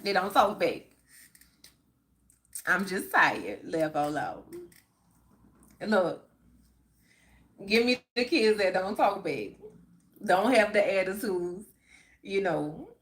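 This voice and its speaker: A middle-aged livestream host chats casually and reads comments from viewers out loud, laughing frequently. She speaks in a medium pitch with lively intonation, in an unhurried, drawn-out, chatty manner.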